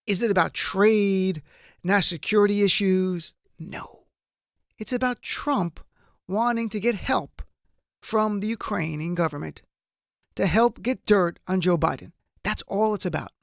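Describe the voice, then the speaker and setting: A man's voice: high-pitched, a little slow, vocal fry, no room sound, studio quality. A man hosting a political talk show, delivering a wry, incredulous commentary monologue straight to his listeners.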